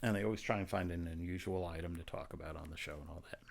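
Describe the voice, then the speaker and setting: Guest actor, male, very deep voice, soft-spoken storyteller with a salty edge. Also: rapid-fire, creaky, slight background noise. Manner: soft-spoken, relaxed anecdotal delivery; profane, punchy story-telling. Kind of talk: casual storytelling interview.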